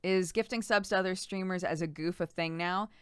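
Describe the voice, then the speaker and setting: A woman's voice: fairly low pitch, fairly quick, fairly bright tone, clear, resonant tone, dry recording, clean studio sound. A woman streamer chatting casually, giggling and thanking subscribers by name. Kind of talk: casual live-stream chat.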